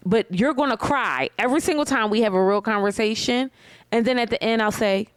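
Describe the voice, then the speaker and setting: A woman co-hosting a casual TV review chat, making her points with lively examples and asides. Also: fairly high pitch, a little fast, clean tone, no room sound. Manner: animated, explains with examples and asides. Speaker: co-host of a reality TV review show.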